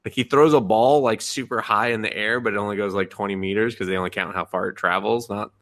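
Quick and lowish, his voice comes through dry and studio-quality. As a podcast co-host chatting casually about anime, he narrates with energy, acts out lines, curses, and laughs.

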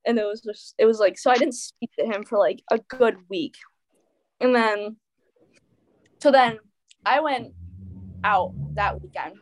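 A woman's voice: fairly high pitch, a little slow, long pauses. A teenage girl telling a dramatic personal story in casual chat, full of fillers and quoted dialogue. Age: teens. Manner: animated storytelling, many fillers. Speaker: teen guest.

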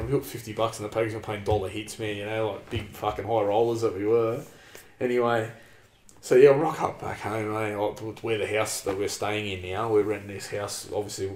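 A man's voice: lowish voice, darkish tone, echoey room. An Australian man telling a long story in casual chat, rambling and sweary, peppering his talk with "man" and "like".

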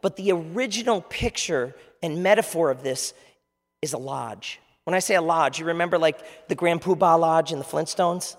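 Pastor guy preaching to his church, kinda high gravelly voice, lots of echo from the big room. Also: moderate pace. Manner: conversational preaching, asks the audience questions. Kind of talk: sermon. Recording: long reverb of a large hall.

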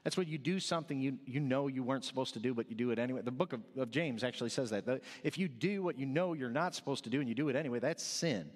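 A man's voice: medium pitch, fast, few pauses. A male pastor preaching a sermon in a loose, joking, conversational way, often restarting his sentences. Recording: long hall reverb.

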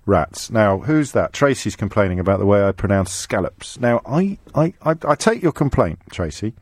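A man's voice: on the low side, very animated, normal speed, no echo. A man hosting a radio phone-in, speaking with a slight Kidderminster twang in a wry, teasing manner with frequent restarts. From Kidderminster, English Midlands. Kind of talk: casual phone-in chat. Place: radio studio.

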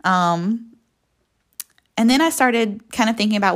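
A woman's voice: mid-range voice, unhurried. A young woman speaking earnestly and folksily as the host of a faith podcast. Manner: earnest, folksy, with soft laughs.

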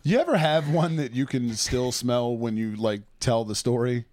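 A man's voice: medium pitch, normal speed, darkish tone, no echo. A man co-hosting a podcast in casual chat, laid-back and joking, swearing often. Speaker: podcast co-host.

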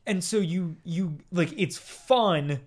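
A man's voice: sits high, slow. A man co-hosting a casual podcast, recapping a story in a rambling way with lots of fillers and acted-out quotes. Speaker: podcast co-host. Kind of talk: casual chat recapping a radio play.

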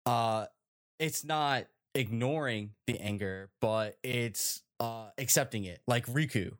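A man's voice: mid-range voice, slow. Chatty male podcast host, full of "right?". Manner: animated, chatty, with many fillers and tag questions. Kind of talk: casual chat.

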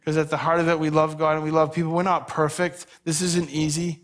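A man's voice: on the high side, completely flat delivery, a little fast, a bit bright. A man preaching a sermon as pastor, earnest and conversational, telling stories on himself with a self-deprecating touch.

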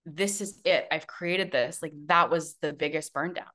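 A woman's voice: sits low, moderate pace, fairly bright tone. A woman, a business and mindset mentor as a podcast guest, telling her story in casual conversation, chatty and full of fillers and restarts. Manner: chatty, many fillers and restarts, bursts of laughter.

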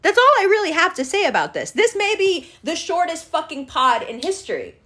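High, animated woman ranting sarcastically. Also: fairly quick. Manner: profane, sarcastic and heated. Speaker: podcast host. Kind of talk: solo podcast rant.

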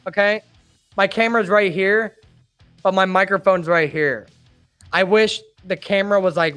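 Male live-stream host with a high, dry voice into a desk mic, chatty and rambling. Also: a bit bright, smooth, dry recording. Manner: rambling and chatty, with laughs and restarts. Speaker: host and admin of a trucking group. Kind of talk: casual live stream chat, reading viewer comments. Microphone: desktop microphone.

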